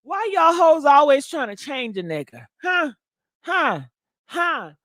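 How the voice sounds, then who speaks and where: A woman's voice: sits high, very animated, slow, a bit bright, no room sound. A woman hosting a casual gossip commentary, talking in a blunt, profane, sassy way. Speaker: host.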